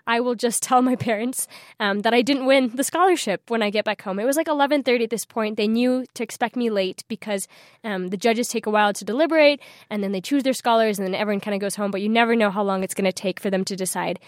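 Bubbly young woman, bright higher voice. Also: quick pace, dry recording, clean studio sound. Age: young adult. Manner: bubbly, laughing, animated retelling. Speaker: interview guest, scholarship winner. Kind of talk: casual storytelling in interview.

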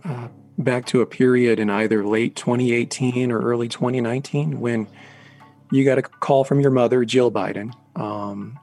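A man of mid pitch conducts an interview, asking gentle, probing questions and pausing on small fillers. Faint music sits under his voice.

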